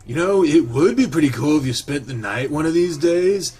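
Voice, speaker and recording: A man's voice: fairly high pitch, lively intonation, normal speed, a little mellow, breathy edge, pitched above the performer's own voice. A man voicing a lazy, crude, joking young male goat character.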